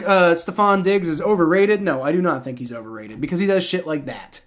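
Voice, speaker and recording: Excitable man calling a game, Southern accent. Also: high-pitched, normal speed, hardly any pauses. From Ohio. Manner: excitable, rambling, swears in frustration. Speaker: livestream sports reaction host. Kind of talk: live play-by-play reaction commentary.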